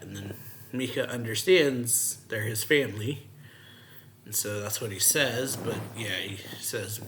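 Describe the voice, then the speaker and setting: A man's voice: lowish voice, measured pace, a bit bright, a little hiss or hum. A man hosting his own channel, casually reviewing a manga chapter, retelling scenes with lots of loose fillers. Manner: recaps scenes by paraphrasing character dialogue with loose fillers.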